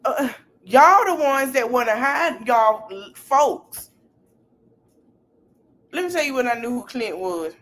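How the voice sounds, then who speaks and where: A woman hosting a casual podcast stream, talking in an animated, slangy way and repeating her phrases. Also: on the high side, measured pace, pauses often. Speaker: podcast host.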